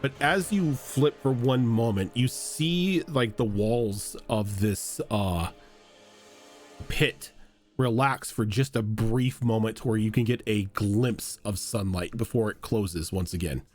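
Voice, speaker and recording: A man's voice: on the low side, slow pace, faint music behind. Man running a tabletop game. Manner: descriptive, rules-minded narration. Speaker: game master.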